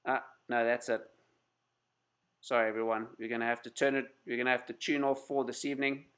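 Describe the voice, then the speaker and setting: A man's voice: mid-range voice, completely flat delivery, fairly quick, a bit bright, clean tone. A man with a cold hosting a casual livestream, chatting with viewers, greeting them by name and apologizing often over camera trouble. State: has a cold. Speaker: channel host on a livestream.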